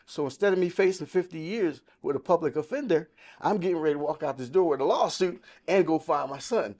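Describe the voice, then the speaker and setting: A man's voice: on the high side, a little fast, a little mellow. A man of sixty telling his life testimony in casual podcast talk, emphatic and storytelling, quoting the people in it. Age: 60s. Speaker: podcast guest.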